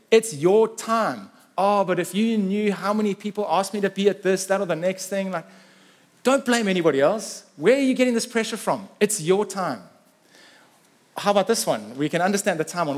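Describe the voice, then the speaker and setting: A man preaching, his fairly high voice swinging between hushed asides and loud, drawn-out emphatic lines. He slows right down to press home key phrases. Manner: animated preaching, rising to emphatic peaks; voices Peter's challenges in a raised, slowed voice. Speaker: pastor. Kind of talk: sermon.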